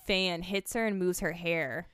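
A woman co-hosting a podcast, chiming in with quick corrections and remarks while a film is recapped. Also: lowish voice, fairly bright tone, smooth, dry recording. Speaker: podcast co-host. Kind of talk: casual chat recapping a film.

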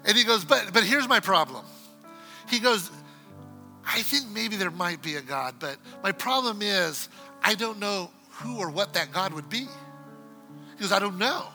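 A man preaching a sermon and telling a story, acting out the dialogue and swinging from loud exclamations to quiet asides. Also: sits high, lively intonation, measured pace, long pauses, soft background music. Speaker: pastor.

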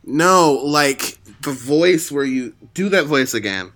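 A man bantering casually as co-reader, with teasing, deadpan interjections. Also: a little high, slow pace.

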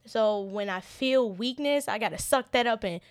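A young woman telling a personal story as an interview guest. She talks in halting starts and often repeats words in earnest. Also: fairly high pitch, dry recording, clean studio sound. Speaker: interview guest, business owner.

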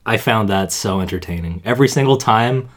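A young man from Canada in casual chat as a podcast co-host, excitable, swearing a lot and bursting into laughter. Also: on the low side, brisk.

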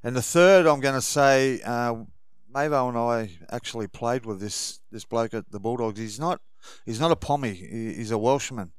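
An Australian man, a former rugby league player, co-hosting a casual sports chat in a measured way with frequent pauses. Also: medium pitch, clear, resonant tone, dry recording, clean studio sound. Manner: measured, hesitant with fillers.

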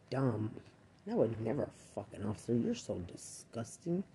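A man's voice: mid-range voice, sing-song, normal speed, gravelly, dark tone, slight background noise. A man and army veteran delivering an angry, accusatory rant full of swearing. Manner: furious, accusatory, swears constantly.

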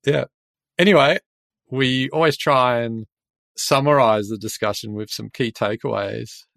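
A man's voice: mid-range voice, unhurried, vocal fry, a bit bright, dry recording. An Australian man hosting a podcast, telling stories in a chatty way and laughing often. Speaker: podcast host and builder. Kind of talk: casual podcast chat.

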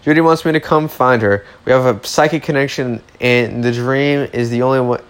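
A man's voice: medium pitch, moderate pace, clean tone, close to an everyday voice. A man voicing a melodramatic teenage boy who pines for his girlfriend. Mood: excited.

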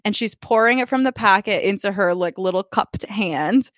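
A woman co-hosting a podcast in casual chat, telling lively anecdotes and acting out what people said. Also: mid-range voice, moderate pace, dry recording, studio quality. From United States. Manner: animated storyteller, acts out quotes with laughs. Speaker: podcast co-host.

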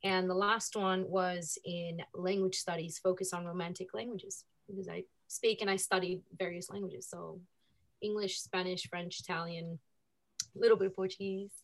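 Pitched on the low side and spoken at normal speed, this is a woman from California with an American accent. She's a guest sharing stories in a casual interview, lively and talkative, sprinkling in laughs and fillers.

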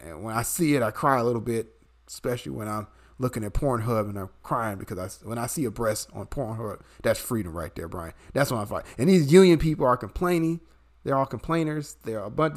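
A man's voice: medium pitch, lightly acted. A man mocking a smug rich free-marketeer. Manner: sarcastic, mocking. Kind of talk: satirical impression in podcast chat.

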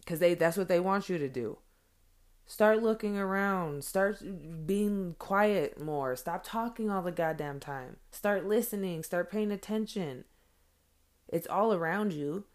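A woman and mother talking straight to her followers in an earnest, blunt monologue, swearing freely and filling pauses with "like" and "um". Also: lowish voice. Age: adult with children. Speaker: vlogger addressing followers. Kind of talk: heartfelt direct-to-camera monologue.

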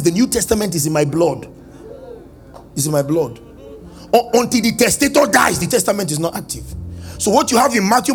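High-voiced preacher. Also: male voice. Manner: call-and-response preaching, sing-song swings into shouting. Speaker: pastor. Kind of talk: sermon. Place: church service.

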